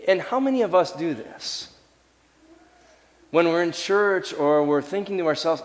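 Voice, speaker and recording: A man preaching a sermon as the pastor, lively and animated, sometimes acting out the voices of people in his story. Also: fairly high pitch, moderate pace, long reverb tail. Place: church sanctuary.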